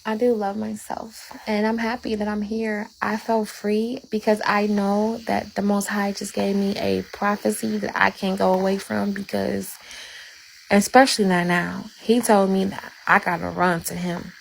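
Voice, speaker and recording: A woman's voice: medium pitch, level tone, normal speed, creaky, a little hiss or hum. A woman fervently sharing a religious testimony, preaching and repeating phrases for emphasis. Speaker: guest.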